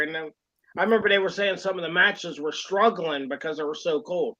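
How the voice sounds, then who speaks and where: A man co-hosting a podcast in loose, rambling chat, padding his points with fillers. His voice sits a bit high, and the audio is dull and lo-fi. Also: normal speed, fairly bright tone. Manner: rambling, lots of fillers and "you know what I mean". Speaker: podcast co-host. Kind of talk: casual wrestling chat.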